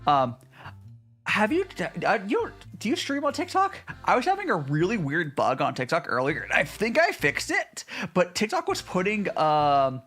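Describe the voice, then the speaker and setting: A man's voice: sits high, huge pitch swings, normal speed, fairly bright tone, soft background music. A man streaming casually from home in Japan, chatting with viewers and answering their messages, with frequent restarts. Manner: chatty, reads and answers chat, many restarts. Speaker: VTuber streamer. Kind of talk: casual live-stream chat.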